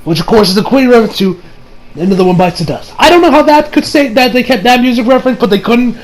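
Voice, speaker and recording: A man reviewing an anime episode in an excitable, rambling casual recap, acting out the scenes. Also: very high-pitched, quick pace, rough recording.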